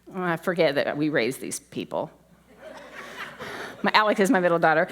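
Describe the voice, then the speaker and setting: A middle-aged woman preaching a sermon in a conversational, animated way with laughing asides. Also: on the low side, moderate pace, slight background noise. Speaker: pastor's wife preaching.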